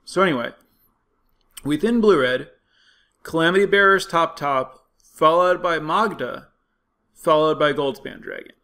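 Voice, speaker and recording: A man's voice: on the high side, a little slow, long pauses, bright, forceful tone. A man giving casual, analytical commentary on card game statistics, thinking aloud with frequent fillers and restarts.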